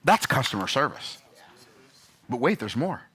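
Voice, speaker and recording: A man telling an animated, exasperated story in an emphatic, sarcastic vlog rant. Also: medium pitch, moderate pace, husky. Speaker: business vlogger.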